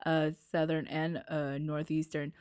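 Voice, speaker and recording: A woman's voice: low voice, flat delivery, a little slow, a little mellow, clear, resonant tone, no room sound, clean studio sound. A woman with an American accent, co-hosting a casual podcast chat and playfully imitating accents. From United States. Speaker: podcast co-host.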